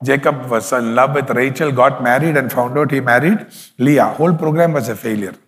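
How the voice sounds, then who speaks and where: A man's voice: mid-range voice, moderate pace, a bit bright, big-room sound. A man preaching a sermon as pastor, emphatic, with frequent hallelujahs.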